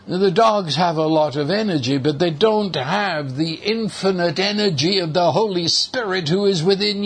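An older man preaching a sermon, slow and emphatic, often repeating words as he builds a point. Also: high-pitched, gravelly, a bit bright, slightly rough.

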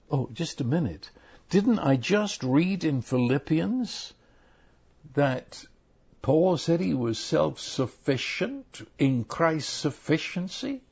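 An older man preaching a sermon, earnest and halting, often repeating his words as he goes. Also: a little high, creaky, darkish tone, breathy edge. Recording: dull lo-fi recording.

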